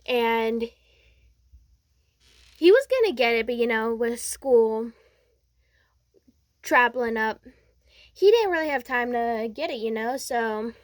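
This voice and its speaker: A woman's voice: fairly high pitch, lively intonation, slow, long pauses, no echo, clean studio sound. A young woman casually narrating a second-person fan story, rambling with many fillers and restarts.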